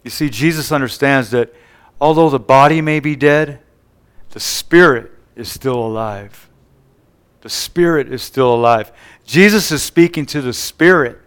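A male preacher with a smooth, clear voice delivers a sermon at a middle pitch. He retells scripture scenes, acting out the quoted lines and tossing call-and-response checks to his listeners. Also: a little slow, a bit bright.

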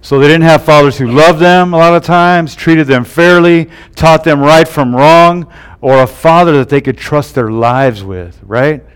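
A man's voice: fairly high pitch, unhurried, smooth. A male pastor preaching a sermon who keeps tagging his points with "right?" and "amen?". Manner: tags lines with "right?" and "amen?".

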